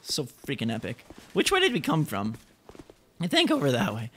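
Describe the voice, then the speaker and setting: A man giving excitable, joking commentary while playing a game, yelling at enemies. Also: mid-range voice, normal speed, slight background noise. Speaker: let's play gamer. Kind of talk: live gameplay commentary. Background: game music.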